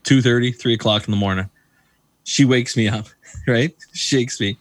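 A man's voice: mid-range voice, moderate pace, no echo. A man co-hosting a podcast, telling a home story in casual chat and laughing through it. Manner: animated, laughs through his stories. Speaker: podcast co-host.

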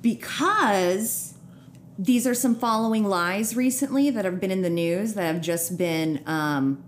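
A young woman hosting a podcast in casual chat, animated and profane, laughing often. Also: mid-range voice, measured pace, slight background noise. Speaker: podcast host.

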